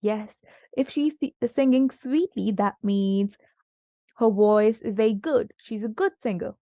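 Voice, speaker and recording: Slow, patient woman tutoring a child. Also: mid-range voice, no echo, dull audio. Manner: patient, encouraging, asks many questions. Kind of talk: one-on-one grammar lesson for a child.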